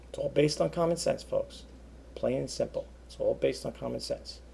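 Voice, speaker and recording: A man's voice: medium pitch, unhurried, vocal fry, warm tone, slight background noise. A man talking to his viewers over a webcam in a casual, rambling monologue, earnestly repeating himself. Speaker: eBay seller vlogger.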